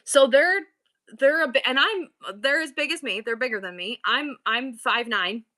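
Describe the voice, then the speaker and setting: Bright, chatty woman rambling on a livestream. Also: high-pitched, normal speed. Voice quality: rambling, frequent restarts, swears casually. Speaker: livestream seller host. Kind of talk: casual livestream chat.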